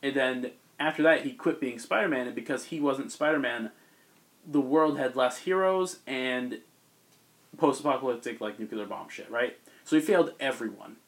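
At a moderate pace and in a mid-range voice, a man on a podcast casually walks through a comic's storyline. He's a rambling storyteller who voices each character's dialogue along the way.

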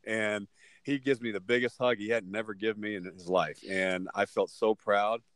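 A middle-aged man and father telling a story in casual chat, blunt and animated, cursing freely. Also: fairly low pitch, normal speed, no room sound.

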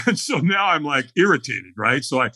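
A man's voice: fairly high pitch, very animated, normal speed, bright, forceful tone, no room sound. A man telling a dramatic story as a podcast guest, acting out the scene in voices. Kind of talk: animated storytelling.

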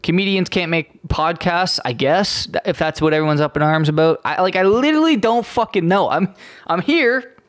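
Sarcastic young man ranting, high-voiced. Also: lively intonation, moderate pace, dry recording, clean studio sound. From Canada. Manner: profane, sarcastic, rambling with restarts. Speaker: podcast host. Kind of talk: casual ranting monologue.

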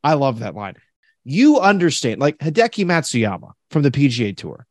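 A man's voice: mid-range voice, big pitch swings, normal speed, no echo. A man hosting a podcast in casual chat, telling stories animatedly and acting out other people's lines. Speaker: podcast host.

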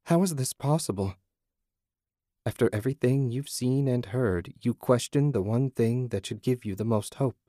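A disembodied, otherworldly voice , as a male reader puts it on, speaks pleasantly, a touch above his usual pitch. It soothes and teases, knowing more than it says. The reading is close and dry. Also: normal speed, dark tone, dry recording, natural voice. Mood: soothing, knowing. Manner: soothing, teasing, speaks in riddles.

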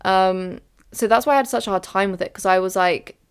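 A woman's voice: mid-range voice, fairly quick, clear, resonant tone. A young woman hosting her own podcast, talking through her thoughts in a candid, rambling way with lots of fillers and self-corrections. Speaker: podcast host. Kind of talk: reflective solo podcast monologue.

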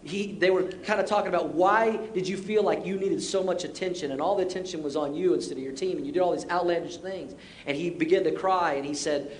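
A middle-aged man preaching a sermon as pastor, conversational and self-deprecating, with short repeated exhortations. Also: quick pace. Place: church sanctuary. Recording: roomy church sound with faint rumble.

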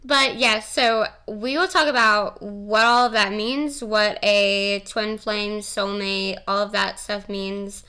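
A woman's voice: medium pitch, steady tone, slow, hardly any pauses, sharp tone, clear, resonant tone. A young woman hosting a solo podcast, chatting casually in a rambling, giggly, profane and playful way. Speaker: podcast host.

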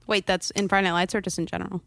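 A woman's voice: medium pitch, flat delivery, very fast, vocal fry, a bit bright. A woman co-hosting a podcast in casual chat, talkative and giggling. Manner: chatty, giggly. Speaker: podcast co-host.

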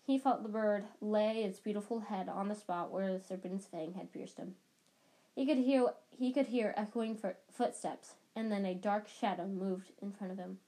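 Sex: woman. Role: audiobook reader. Style: reading a novel aloud. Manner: dramatic, repeats phrases. Pitch: medium. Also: steady tone, normal speed, mellow, low-quality recording.

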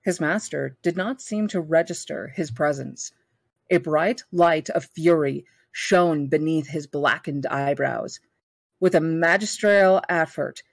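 A woman reading a novel aloud for a book club, steady and now and then correcting herself. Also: deep voice, measured pace, no room sound.

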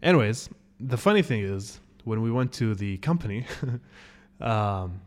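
Chatty man telling a story. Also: measured pace. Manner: animated, acts out quoted people with sudden pitch jumps and laughs. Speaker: podcast host. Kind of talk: casual storytelling.

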